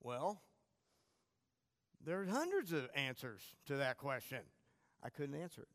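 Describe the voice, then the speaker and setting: A male class teacher with a mid-range voice, telling stories in a relaxed, self-deprecating way. His talk is casual and anecdotal. A long hall reverb follows his words. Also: medium pitch, a little slow.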